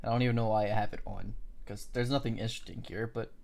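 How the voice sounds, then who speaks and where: A man's voice: on the low side, little pitch movement, fast, vocal fry, darkish tone. A man muttering casual commentary while he edits a video at his computer, often swearing in frustration, recorded on a camera mic indoors. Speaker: video editor.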